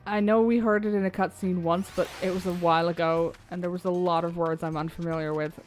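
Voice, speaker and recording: A woman's voice: fairly low pitch, steady tone, fast talker, darkish tone, soft background music. A woman streaming a game, chatting casually and swearing freely between reading lines aloud.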